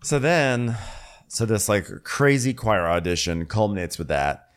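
A man's voice: lowish voice, expressive, measured pace, smooth. A man co-hosting a comedic TV recap podcast in a laid-back, dry way. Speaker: podcast co-host.

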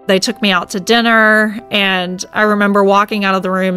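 A woman's voice: mid-range voice, fairly even intonation, moderate pace, few pauses, a bit bright, soft background music. A woman in her thirties from the United States, telling her own life story in an emotional, reflective way. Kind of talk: personal storytelling.

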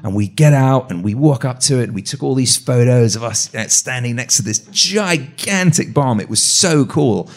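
A man telling a story as a guest on a live talk show, animated, with voiced quotes and frequent restarts. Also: mid-range voice, normal speed, hardly any pauses. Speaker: guest, meteorite hunter. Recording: live audience event.

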